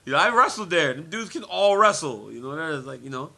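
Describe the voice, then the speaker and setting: This is a man in his forties answering reporters' questions, and his voice is bright and sits a little high. He talks in an animated way, laughs often and repeats phrases as he tells his stories. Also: fast talker, vocal fry. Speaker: interviewee, former fighter and commentator. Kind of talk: media scrum interview.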